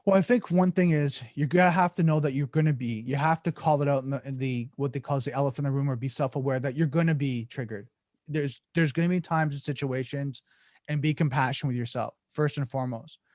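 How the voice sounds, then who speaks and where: A man's voice: medium pitch, fast, a little mellow, no echo. A man guesting on a podcast, explaining in an earnest, casual way and acting out sample dialogues, with many restarts. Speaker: podcast guest, negotiation coach.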